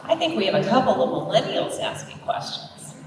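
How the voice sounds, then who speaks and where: A woman moderating an event who reads out audience questions in a lively way and laughs easily. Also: fairly high pitch, fairly quick. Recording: echoey hall from far off, with noise.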